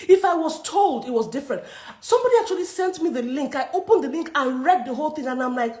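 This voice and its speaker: A Nigerian actress in an angry social media rant, scolding and repeating herself for emphasis. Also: female voice, high voice, lively intonation, quick pace, a little mellow, reverberant. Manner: indignant, scolding, emphatic repetition. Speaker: actress speaking to her followers.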